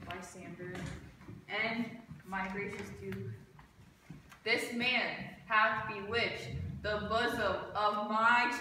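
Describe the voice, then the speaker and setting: An indignant old father pleads his case before the duke, read by a female student at rehearsal. The lines are declaimed high and loud. The voice sits back from the mic in a very echoey room over steady hiss. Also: natural voice. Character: stern older father Aegeus, complaining to the duke. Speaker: student actor. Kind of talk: school play rehearsal reading. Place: school rehearsal space. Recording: echoey room, distant mic, background noise.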